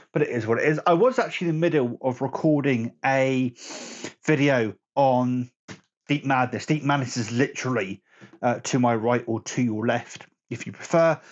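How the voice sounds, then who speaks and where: A man's voice: medium pitch, muffled recording. A man vlogging about board games in casual chat to camera at home, rambling and correcting his own slips as he goes. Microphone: phone camera.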